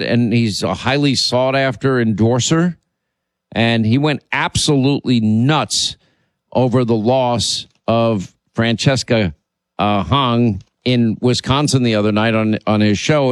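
A man's voice: mid-range voice, a little slow, no room sound. Indignant male talk-show host. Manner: emphatic, indignant, repeats himself. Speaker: radio and podcast host.

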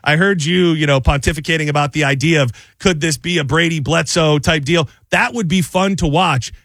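A sports talk host, a man, giving animated, opinionated takes on football. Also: on the high side, a little fast, dry recording.

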